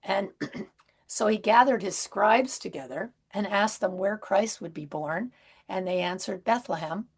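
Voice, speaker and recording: A woman minister giving a Christmas sermon in a gentle, conversational way, with soft asides and rhetorical questions. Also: mid-range voice, measured pace, creaky, slightly rough.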